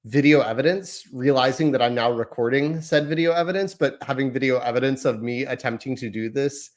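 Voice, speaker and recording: Speaking briskly in a mid-range voice, this podcast host, a man in his thirties, keeps things casual. He's chatty and rambling, often putting himself down.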